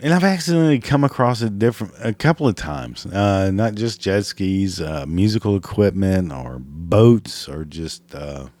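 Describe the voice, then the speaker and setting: A man's voice: deep voice, animated, normal speed, hardly any pauses, a little mellow, dry recording. A man delivering a crude, exasperated comedic rant, laughing at his own jokes, his voice cracking. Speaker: comedic ranter.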